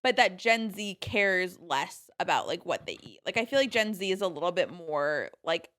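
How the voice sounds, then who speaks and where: A woman's voice: fairly low pitch, animated, moderate pace, fairly bright tone. A woman in her thirties co-hosting a casual podcast chat, talking in a chatty way with lots of "like" fillers. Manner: chatty, heavy use of "like". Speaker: podcast co-host.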